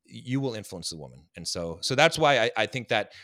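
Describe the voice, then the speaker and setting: Forceful, preachy man. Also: mid-range voice, lively intonation, fairly quick, dry recording, clean studio sound. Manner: emphatic, preachy, many repeated words. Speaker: guest. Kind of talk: podcast interview answer.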